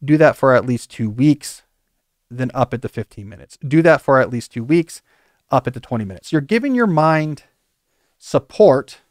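A man hosting a podcast, giving animated advice with playful joking asides. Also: medium pitch, normal speed, dry recording, clean studio sound. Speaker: podcast host.

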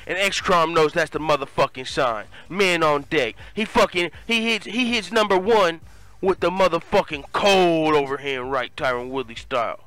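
A man's voice: a little high, normal speed. A man who hosts an online fight channel, telling a crude comedic story with lots of swearing and laughter. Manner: profane, animated, laughing often. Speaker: MMA YouTube host.

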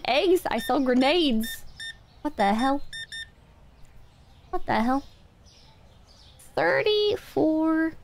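A woman with a high voice streams a game, talking casually with her chat while she plays, chaotic, swearing, and self-mocking. The audio carries a little hiss or hum.

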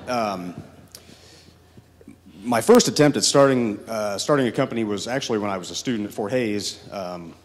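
Deep-voiced man speaking in a hall. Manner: dry self-deprecating humor. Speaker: guest speaker, brewery founder. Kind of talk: presentation to an audience. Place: university hall. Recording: hall reverb from a room mic.

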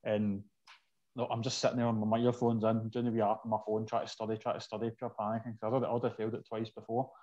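Man, Scottish accent, podcast guest, very fast talker, sweary banter, muffled lo-fi recording. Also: lowish voice, little pitch movement, darkish tone. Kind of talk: casual podcast chat. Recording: dull, lo-fi sound.

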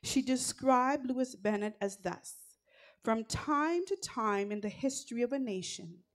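A woman leading worship at a church service, speaking deliberately with fervent calls to praise. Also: a little high, lively intonation. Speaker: worship leader.

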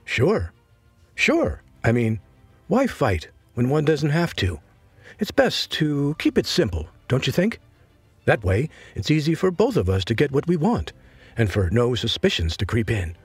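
Sly, easygoing teen boy trader, read by a male narrator, slightly husky. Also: mid-range voice, wildly swooping pitch, a little slow, dry recording, soft background music, heavily acted. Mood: easy, sly. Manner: easygoing, smooth-talking. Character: calm, sly bald teenage boy trader.

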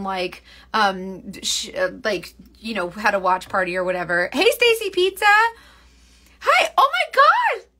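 A young woman who sells makeup hosts a chatty livestream, rambling and giggling while she reads out viewer comments. Her mid-range voice sounds pushed and bright.

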